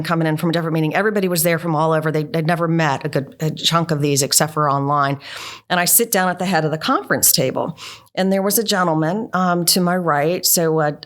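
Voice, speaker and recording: Low-voiced woman telling workplace stories. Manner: earnest, often ends points with "right?". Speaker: NASA engineering leader, interview guest. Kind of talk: conversational storytelling.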